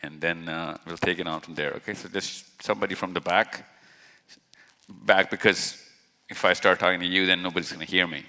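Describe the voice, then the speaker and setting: A man's voice: deep voice, fairly even intonation, brisk, sharp tone. A man giving a casual, chatty talk to a live audience from a stage, joking and questioning people in the crowd directly. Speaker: speaker at a live event. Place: large hall with stage lights. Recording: long hall reverb.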